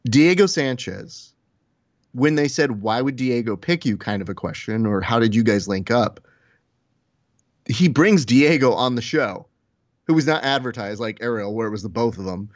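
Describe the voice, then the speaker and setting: A man's voice: medium pitch, animated, normal speed, dry recording, dull audio. A man co-hosting a podcast, telling a story in casual chat, swearing freely and quoting people in put-on voices. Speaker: podcast co-host.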